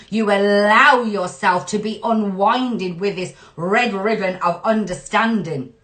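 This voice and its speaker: A woman giving an excitable, spiritual tarot reading and talking straight to her viewers. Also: mid-range voice. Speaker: tarot reader. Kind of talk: enthusiastic tarot reading to camera. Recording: roomy echo.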